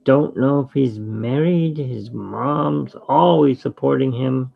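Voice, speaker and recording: A man's voice: medium pitch, slow, gravelly, phone-quality sound. A man hosting his channel, chatting casually and rambling with jokes while he draws. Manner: rambling and jokey. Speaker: artist and channel host. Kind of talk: casual chat while drawing.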